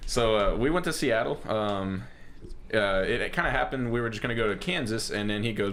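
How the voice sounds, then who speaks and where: A man's voice: on the low side, a little fast, a bit bright. A man co-hosting a podcast, telling a rambling story casually with many fillers and acted-out quotes. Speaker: podcast co-host.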